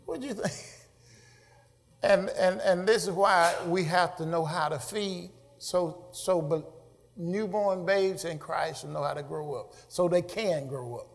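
Middle-aged male pastor, high voice, fervent sermon delivery with call-and-response, reverberant sanctuary. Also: measured pace, vocal fry. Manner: preaching with rising shouts and call-and-response. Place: church sanctuary.

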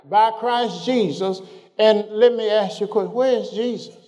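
High-voiced preacher in a hall. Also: male voice, mellow. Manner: call-and-response, questioning the congregation; drawls scripture slowly, rising in pitch as he builds. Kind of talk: sermon.

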